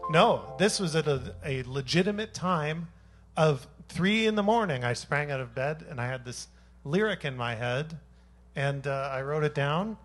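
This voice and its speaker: A man with a slightly high voice rambling through stage banter between songs, poking fun at himself as he goes. A singer-songwriter talking into a stage microphone at a live venue, with a guitar faintly in the background. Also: expressive, normal speed. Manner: rambling, self-deprecating joking.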